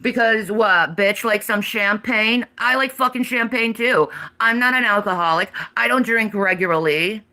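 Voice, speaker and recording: A woman's voice: fairly high pitch, moderate pace, hardly any pauses, pushed and bright. A woman in her forties, ranting on a livestream, swearing heavily in a defiant, emphatic way. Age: 40s. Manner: heavy profanity, defiant and emphatic.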